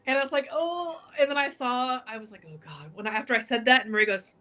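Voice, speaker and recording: A woman with a bright, forceful voice, sitting somewhat high in pitch, tells her story in casual chat. She acts out what people said, slips into exaggerated quotes and laughs easily. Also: fast. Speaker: guest, drag king entertainer.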